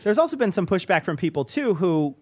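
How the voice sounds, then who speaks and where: A male podcast host with a fairly high voice asks questions in a relaxed chat. His pitch jumps around a lot, and he slips in quick jokes between laughs. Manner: laughing, wisecracking interviewer. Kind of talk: casual chat.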